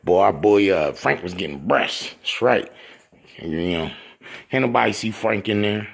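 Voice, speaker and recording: Gravelly, husky man rambling and boasting. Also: lowish voice, animated, a little slow. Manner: boastful, joking, trash-talking. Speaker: vlogger showing his new room. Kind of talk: casual rambling monologue.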